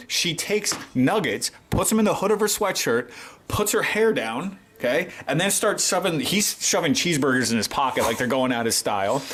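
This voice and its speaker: A man co-hosting a livestream, chatting casually and quickly recounting a story while quoting what people said. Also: medium pitch, fairly bright tone. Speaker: co-host of a livestream show. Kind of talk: casual chat.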